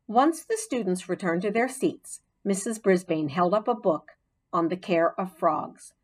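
A woman narrating a children's audiobook in an expressive, unhurried storytelling manner, giving the characters their own voices. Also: fairly low pitch, husky.

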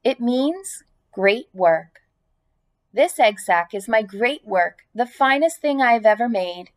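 A woman reading aloud, voicing a gentle, weary female spider who speaks softly and slowly in a weak voice. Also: fairly high pitch, lively intonation. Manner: soft, slow and weak.

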